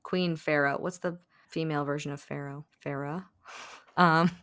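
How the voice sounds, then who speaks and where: A woman hosting a podcast, casually recapping a romance novel in an animated way, acting out quotes and laughing often. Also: low voice, normal speed, clear, resonant tone. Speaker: podcast host. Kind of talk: casual book-recap chat.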